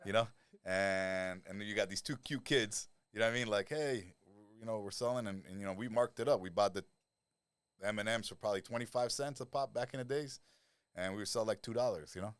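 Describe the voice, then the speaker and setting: A middle-aged man, a lifestyle coach talking as a podcast guest, who tells animated stories, swears freely and acts out the people he quotes. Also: fairly low pitch, brisk, smooth, dry recording. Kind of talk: casual podcast conversation.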